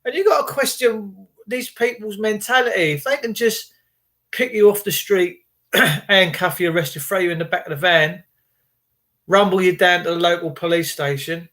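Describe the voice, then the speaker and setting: Bright high-voiced man ranting. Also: steady tone, moderate pace. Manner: rambling, indignant, greets viewers by name. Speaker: livestream host. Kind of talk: casual livestream rant.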